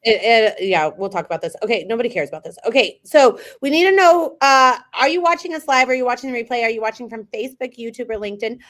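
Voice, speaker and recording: A woman co-hosting a casual chat show, teasing and animated when telling stories. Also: on the high side, fast talker, few pauses. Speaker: co-host.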